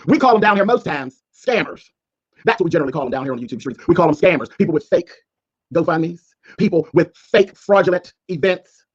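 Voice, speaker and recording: A man's voice: a little high, breathy edge, lo-fi sound. A man delivering a sassy, scolding call-out rant as a streamer, mocking his target. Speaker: commentary streamer.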